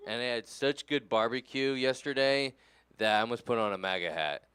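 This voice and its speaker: A man's voice: mid-range voice, moderate pace, a bit bright, smooth, dry recording. A tired, tipsy man from California doing a rambling, crude, self-deprecating stand-up set. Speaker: stand-up comedian.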